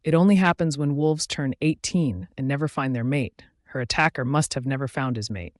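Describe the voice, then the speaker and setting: A man's voice: medium pitch, moderate pace, no echo, clean studio sound, lightly acted. A man doing a chirpy country nurse. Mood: informative. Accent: Southern US. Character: cheerful female country nurse.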